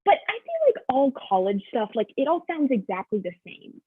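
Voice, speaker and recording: Teen girl comic, fairly high and husky, sarcastic stand-up; tinny, dry, phone-like audio. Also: wildly swooping pitch, no room sound. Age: late teens. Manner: sarcastic, quick jokes. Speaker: student comedian. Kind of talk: stand-up comedy set.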